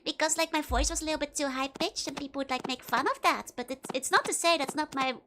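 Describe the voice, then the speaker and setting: A woman's voice: sits high, quick pace, noisy background. A young woman VTuber, chatting casually with viewers while playing a game, giggling often. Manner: giggly, answers chat questions, frequent laughter. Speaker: VTuber streamer. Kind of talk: casual gameplay chat with chat.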